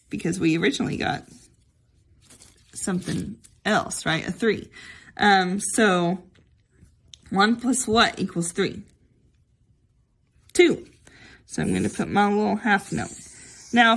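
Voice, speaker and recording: A woman's voice: mid-range voice, husky. A young woman teaching a music lesson to children at home, chatty and cheerful, often saying y'all.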